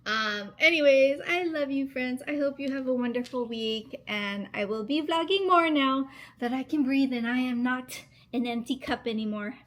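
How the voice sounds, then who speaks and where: A woman's voice: high-pitched, normal speed. A woman in her thirties chatting casually to camera as a vlogger, gushing and emotional, with lots of filler words and frequent laughs. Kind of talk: casual chatty vlog talk.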